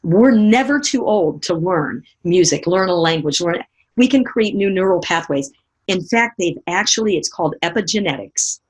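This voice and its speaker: Middle-aged woman, motivational speaker, husky low-pitched voice, animated storytelling. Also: normal speed. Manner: asks the audience direct questions. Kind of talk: motivational seminar talk.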